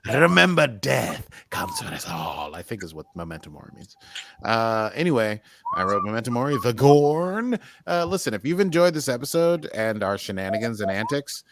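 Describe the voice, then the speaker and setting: A man's voice: medium pitch, wildly swooping pitch, brisk, gravelly, background noise. An American man co-hosting a podcast, chatting casually and playfully, joking around. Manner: playful, jokey, drifts into put-on accents. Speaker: podcast co-host. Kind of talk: casual chat.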